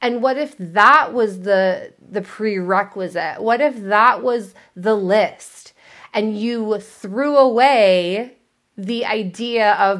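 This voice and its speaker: A woman's voice: mid-range voice, slow pace, fairly bright tone. A woman giving a motivational talk about romance as a relationship coach, speaking emphatically and candidly, with the odd swear word.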